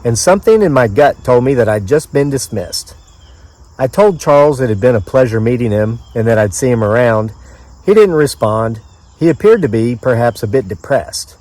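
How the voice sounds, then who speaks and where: A man's voice: medium pitch, animated, normal speed, darkish tone. A man from the mid-Atlantic United States reading his own story aloud outdoors in the woods, in a dry, conversational storyteller's manner with offhand asides.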